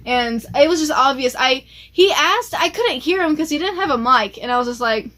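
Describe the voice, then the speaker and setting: A woman chatting casually and excitedly as she shows off her collection, with plenty of fillers along the way. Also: sits high, a little fast, few pauses. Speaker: collector vlogger. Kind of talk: casual show-and-tell chat.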